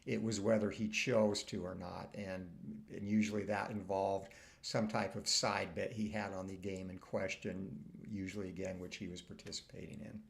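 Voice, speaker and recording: A man hosting, giving casual commentary in a halting, enthusiastic way full of fillers. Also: low voice, little pitch movement, creaky. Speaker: host.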